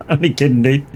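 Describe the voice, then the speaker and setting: A man's voice: on the high side, warm tone, a little hiss or hum. Jokey, swearing man in his 40s. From Plymouth, England. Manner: joking and profane, laughs often. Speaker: live streamer. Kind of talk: casual chat while playing a truck driving game.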